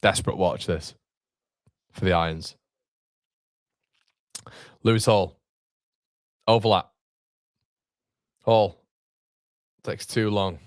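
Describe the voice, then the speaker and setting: A man's voice: deep voice, takes it slowly, long pauses, no room sound, studio quality. A man hosting a live football watchalong, reacting to the match and reading out chat messages. He swears, repeats himself and trails off, and his voice jumps up on near chances.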